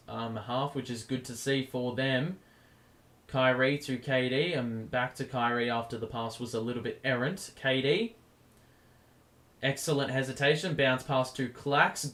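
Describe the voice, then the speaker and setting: Man calling a game live, voice going hoarse. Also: mid-range voice. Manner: casual, gets loud over big plays. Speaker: stream host. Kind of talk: live play-by-play commentary.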